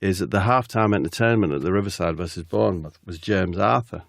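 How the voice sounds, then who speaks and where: A man co-hosting a podcast who tells a rambling, absurd comic story in a deadpan way. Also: deep voice, a little fast, gravelly, no echo, studio quality. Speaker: podcast co-host.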